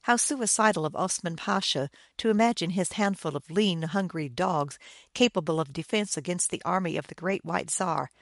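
A cocky young army captain barks orders to his gun crew, as a woman reads him aloud, in a lowish, close, dry voice. He is sure of himself and scornful of the enemy, every line clipped and commanding. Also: moderate pace, dry recording, lightly acted. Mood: gloating. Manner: shouted commands, confident and scornful. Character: brisk young male Russian army captain, boastful.

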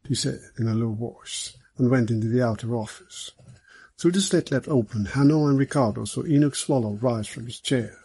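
A man narrating a detective novel as an audiobook, reading in a measured, steady way. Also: mid-range voice, slightly rough.

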